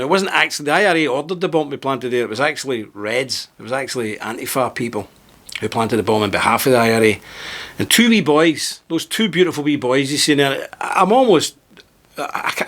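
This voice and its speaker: Guy ranting into his own camera, worked up, voice keeps jumping up, average pitch. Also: fairly bright tone. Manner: emphatic, indignant, with sudden rises in pitch; partly reading aloud from a script. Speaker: political video host. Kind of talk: heated to-camera monologue.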